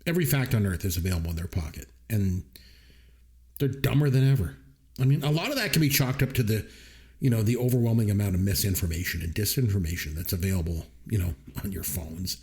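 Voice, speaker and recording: This middle-aged co-host from Canada has a fairly low voice and a quick pace. On a podcast he casually reviews a movie, storytelling with animation and quoting people in different voices.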